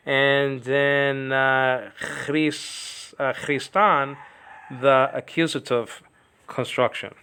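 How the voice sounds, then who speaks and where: A man's voice: mid-range voice, a bit bright, clean tone. A man giving an informal language lesson, repeating words to correct pronunciation and often checking understanding with "okay". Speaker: teacher.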